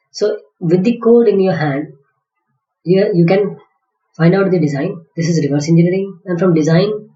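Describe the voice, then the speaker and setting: Guy lecturing off slides, mellow voice, lots of uhs and restarts, roomy muffled sound. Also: high-pitched. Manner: halting, with many fillers and restarts. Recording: dull, echoey classroom recording.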